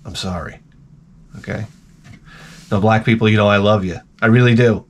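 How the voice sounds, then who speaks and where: A man hosts his own video and rants through a story in a loose, profane way. He jumps between loud outbursts and quiet muttered asides, restarting his sentences as he goes. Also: lowish voice, moderate pace. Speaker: video host. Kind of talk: rambling comic rant to camera.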